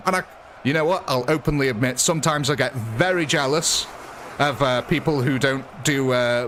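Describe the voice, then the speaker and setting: A man's voice: medium pitch, fairly bright tone, a little hiss or hum. A man chatting casually on a live gaming stream, rambling and laughing often.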